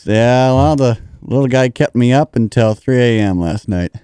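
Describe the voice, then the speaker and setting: A man in his twenties trades dry, teasing lines with the host of a morning radio show. His voice is mellow and relaxed, and it is picked up close in a dry studio. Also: mid-range voice, moderate pace, clear, resonant tone, no echo. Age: 20s. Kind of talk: casual morning radio banter.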